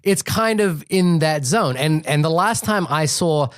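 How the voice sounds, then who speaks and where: A man's voice: a little high, lively intonation, a little slow, no room sound, clean studio sound. A man co-hosting a movie podcast, talking casually and stumbling through many restarts and repeated words. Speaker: podcast co-host. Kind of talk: casual movie review chat.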